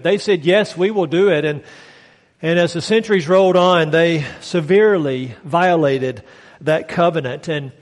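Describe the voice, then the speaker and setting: A man preaching a sermon as pastor, emphatic and prompting the congregation to respond. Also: sits high. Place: church sanctuary. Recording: long reverb of a large hall.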